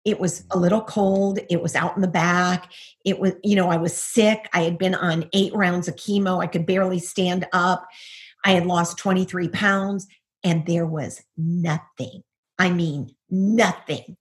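A middle-aged woman, a guest, giving a personal testimony over a video call, earnest and full of rhetorical questions. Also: lowish voice.

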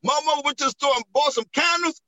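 Very high, sharp-voiced man, dry sound. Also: quick pace, no room sound, rough recording. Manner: emphatic, eager agreement, laughs often. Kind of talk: casual storytelling chat.

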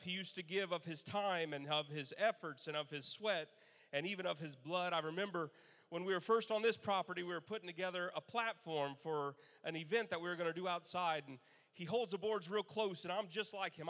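Pastor guy in his 30s telling stories from the pulpit, high voice, laughing, big echoey church. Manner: animated storytelling with laughs and acted-out quotes. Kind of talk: Father's Day sermon storytelling. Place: church sanctuary. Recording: long church hall reverb.

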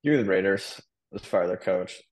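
A man's voice: sits low, moderate pace, a little hiss or hum. A man on a casual sports betting podcast, blunt and crude, joking his way through his picks. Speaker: podcast panelist.

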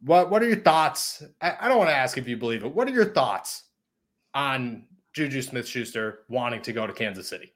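A man hosting a sports podcast, reading an ad and chatting with quick enthusiasm. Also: medium pitch, lively intonation. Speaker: podcast host. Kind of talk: sports podcast chat and read ad.

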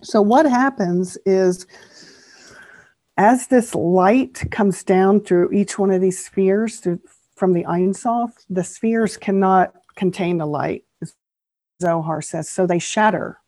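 A woman author appears as a podcast guest, speaking at medium pitch and taking it slowly on a dry recording. She earnestly and steadily explains old teachings, spelling out each term one by one.

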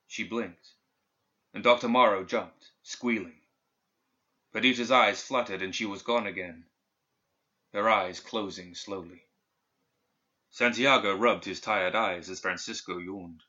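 A man reading a dark fantasy story aloud in steady, even scripted narration. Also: fairly low pitch. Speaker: audiobook narrator. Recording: dull lo-fi recording.

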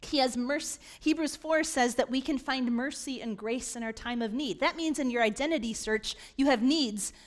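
A woman pastor giving a sermon, animated and acting out voices of scripture figures. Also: high voice, moderate pace, few pauses. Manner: animated preaching that acts out dialogue.

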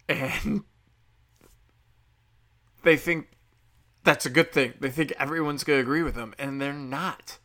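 A man's voice: mid-range voice, unhurried, long pauses, sharp tone. A man hosting his own talk show, delivering an angry, profane and sarcastic political rant. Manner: mocks others in put-on voices. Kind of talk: ranting political commentary.

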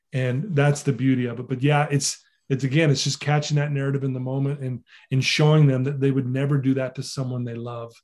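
A man's voice: mid-range voice, darkish tone. A man speaking as a mental fitness coach and podcast guest, earnest and repeating phrases for emphasis.

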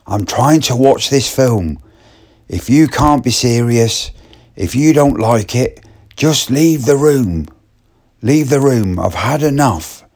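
A man voicing an angry young woman who is scolding someone to be quiet during a film. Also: mid-range voice, lively intonation, slow, voice pushed up. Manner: sharp, scolding. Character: cross young woman trying to watch a film.

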